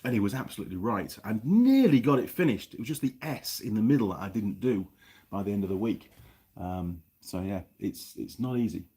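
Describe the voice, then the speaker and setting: A middle-aged man with a New Zealand accent talks through a casual workshop live stream, rambling between viewer comments and bits of mechanical know-how. His voice sits low and has a husky edge. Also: big pitch swings, a little fast, mellow. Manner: rambling, chatty, reads viewer comments aloud. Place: home workshop.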